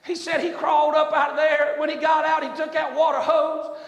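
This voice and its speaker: A man preaching a sermon, telling a folksy story that builds into shouted preaching. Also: very high voice, level tone, a little fast, gravelly. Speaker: pastor. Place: church sanctuary. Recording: echoey hall with long reverb.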